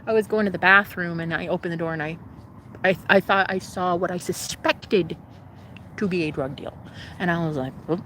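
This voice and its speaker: Animated, profane young woman storyteller. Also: lowish voice, moderate pace, a little hiss or hum. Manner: animated, profane, jumps between voices. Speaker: vlogger telling a personal story. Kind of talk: casual storytime.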